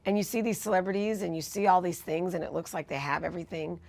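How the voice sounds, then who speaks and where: A woman's voice: fairly low pitch, quick pace, gravelly. A woman in her forties, a TV news host and author, telling personal stories in an interview in an earnest, reflective way. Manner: earnest, reflective, animated when retelling moments.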